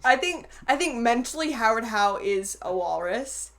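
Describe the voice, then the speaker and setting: A young woman hosts a relaxed movie review chat. Her voice sits fairly high and rises and falls a lot. She retells the scenes in an animated way and often breaks into laughter. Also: normal speed. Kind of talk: casual chat.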